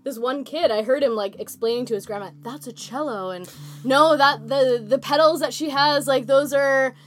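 High-voiced chatty woman. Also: moderate pace. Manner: chatty, many fillers like "like". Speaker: podcast co-host and cellist. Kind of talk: casual podcast chat.

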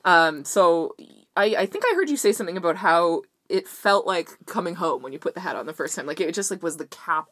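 A woman with a low but bright voice hosts a relaxed chat. Her pitch swings widely as she jokes and teases. She keeps the talk playful and quick. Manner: playful, joking, lively. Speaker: podcast host. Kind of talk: casual chat.

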